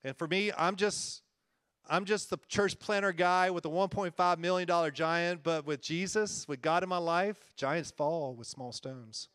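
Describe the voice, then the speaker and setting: Earnest, folksy pastor with a higher voice. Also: male voice, a little slow, a bit bright, no echo, clean studio sound. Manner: earnest and folksy, often chuckling and repeating himself. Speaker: church-planting pastor. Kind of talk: conversational sermon.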